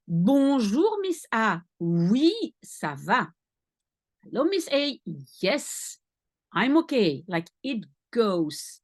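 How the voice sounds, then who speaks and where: A woman's voice: a little high, dry recording. A woman teaching a language lesson, patiently explaining and repeating sounds for her student.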